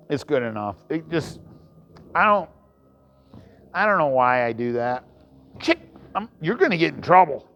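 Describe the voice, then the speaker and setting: A man's voice: medium pitch, muffled recording. A man who trains horses, chatting casually and hesitantly on camera while working a horse outdoors, with frequent ums and restarts. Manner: calls out loudly to the horse.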